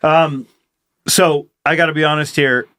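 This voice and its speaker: A man co-hosting a comedy podcast with a voice a little higher than most men. He tells rambling stories with halting starts and easy chuckles. The recording is dry and close. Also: steady tone, sharp tone, no echo. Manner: rambling storyteller, halting restarts. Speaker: podcast co-host. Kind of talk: casual comedic chat.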